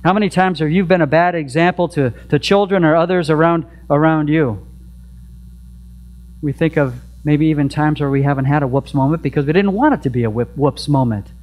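A man's voice: on the high side, brisk, muffled recording. A male pastor preaching a sermon in a church, talking to the congregation in a conversational way and asking many rhetorical questions. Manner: repeats a prayer refrain softly. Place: church sanctuary.

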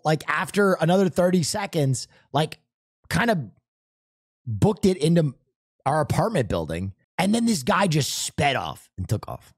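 A male streamer telling a story in casual chat, animated and profane, acting out sounds. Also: a little high, measured pace, breathy edge, no room sound, clean studio sound.

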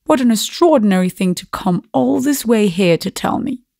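A woman voicing a testy, deaf old grandfather in a storybook reading, loud and gruff. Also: on the high side, expressive, moderate pace, dry recording, studio quality.

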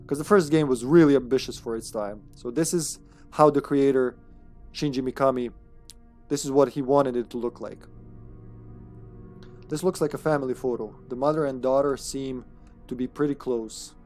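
A game streamer giving chatty live commentary on a horror game, excitable and swearing when startled. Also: medium pitch, normal speed, long pauses, soft background music.

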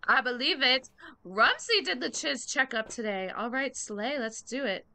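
A woman's voice: on the high side, expressive, normal speed, bright, forceful tone. A woman streaming a game live, chatting casually and slangily with her viewers and humming idly between remarks. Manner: slangy, talks straight to chat.

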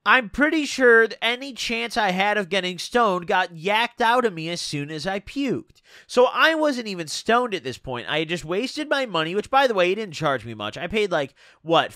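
A man with a high, bright voice spins a rambling storytime tale, swearing freely and calling the listener "bro." The sound is dry and close, with no room around it. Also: dry recording. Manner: casual and profane, full of "bro" and "dude". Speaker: vlogger. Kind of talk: storytime vlog.

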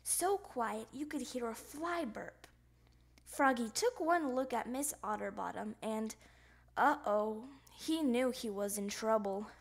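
A woman narrating a children's picture book aloud, with playful, expressive sound effects. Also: a little high, a little slow. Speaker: storybook reader.

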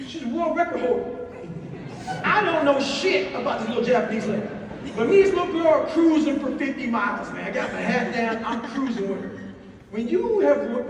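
Brief: high-voiced man, profane and animated storyteller on stage, distant mic, booming hall echo. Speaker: speaker. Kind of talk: live storytelling talk. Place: large hall before an audience. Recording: echoey hall from far off, faint noise.

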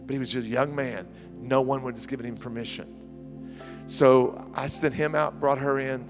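A middle-aged man preaching a sermon as pastor, telling stories with repeated questions that swing from near-whispers to loud, high climbs. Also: normal speed, in a large hall, over music. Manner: animated storytelling preacher, repeating questions, sudden soft drops and loud climbs.

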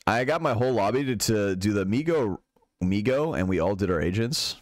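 A young male streamer with a low voice that swings widely and lively as he talks. He chats loosely with his viewers, swears without a second thought and answers their questions. The sound is close and dry, with no room around it. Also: a little fast, dry recording. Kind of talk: casual chat reading out live chat.

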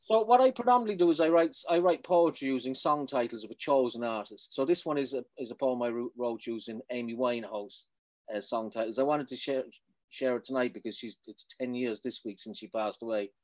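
A man from Ireland, a poet, chatting in an interview, quick and self-deprecating, trailing off softly. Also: medium pitch. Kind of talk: casual interview chat.

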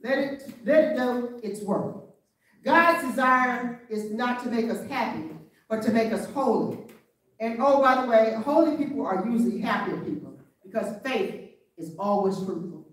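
Animated woman preaching in an echoey hall. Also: a little high, normal speed, far from the mic. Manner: conversational preaching with rhetorical questions. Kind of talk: sermon. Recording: very echoey room, voice from afar.

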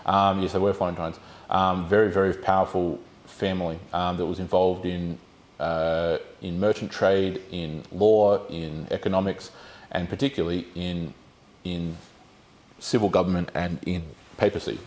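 A man's voice: sits low, fairly even intonation, a little slow. A man leading a Bible study, explaining the text and putting questions to his group.

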